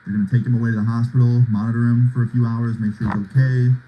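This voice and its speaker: A man's voice: mid-range voice, level tone, quick pace, muffled recording, a little hiss or hum, close to an everyday voice. A man voicing a weary male police officer in a spoken story, plain-spoken and matter-of-fact.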